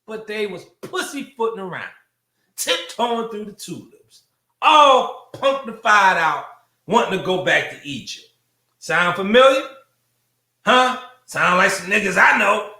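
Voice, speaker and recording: A man's voice: high-pitched, sing-song, unhurried, gravelly, sharp tone. Fiery, profane man preaching in an echoey room. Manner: preachy, profane, rhetorical questions and repetition. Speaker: show host. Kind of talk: fiery monologue commentary.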